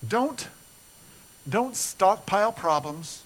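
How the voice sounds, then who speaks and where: An older man preaching an earnest, storytelling sermon as a pastor, building up animated and then dropping low and soft. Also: slow, poor audio.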